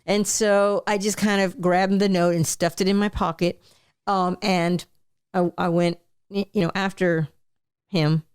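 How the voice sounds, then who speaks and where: A woman talks her way through a tabletop scene, chatty and a little halting, quick to laugh. Her voice is smooth and clear, with a dry, close sound. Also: lowish voice, little pitch movement, no room sound. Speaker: player. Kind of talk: in-character tabletop play.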